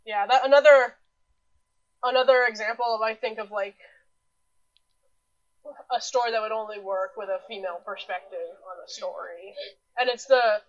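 A woman's voice: on the high side, steady tone, normal speed, pauses often, low-quality recording. A young woman co-hosting a casual film podcast, laid-back and chatty, laughing often and swearing offhandedly. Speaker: podcast co-host. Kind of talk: casual film discussion chat.

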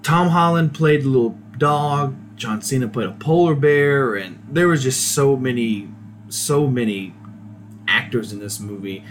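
A man's voice: mid-range voice, unhurried, slight background noise. A man hosting a podcast, giving a casual, rambling solo movie review with many hesitations. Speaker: podcast host.

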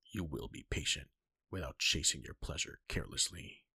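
Stern older warrior god read by a man; deep, husky, breathy and commanding. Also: normal speed, pushed and bright, no room sound, studio quality, exaggerated voice.

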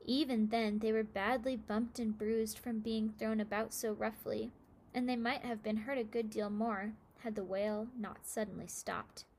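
A woman reading a children's story aloud with steady, expressive narration. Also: fairly high pitch, moderate pace, a little hiss or hum.

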